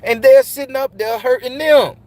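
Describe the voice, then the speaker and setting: A middle-aged channel host speaks straight to male listeners in a casual monologue that comes across as blunt, profane and preachy. His voice is very high-pitched yet somewhat dark in tone, and he talks at a normal speed.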